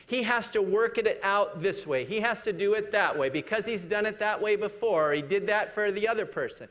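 A man preaching a sermon in an earnest, conversational way, asking rhetorical questions and slowing down to read scripture. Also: sits high, lively intonation, fairly bright tone. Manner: slows for scripture readings.

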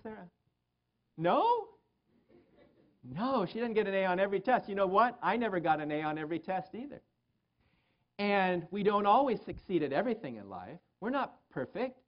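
A man's voice: sits high, dull audio. A man preaching a sermon to his church, acting out prayers in a small whiny voice. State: pain in both feet. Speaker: pastor.

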